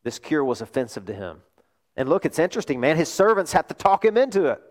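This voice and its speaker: A male pastor preaching a sermon, telling a story in an animated way and asking rhetorical questions. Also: a little high, fast.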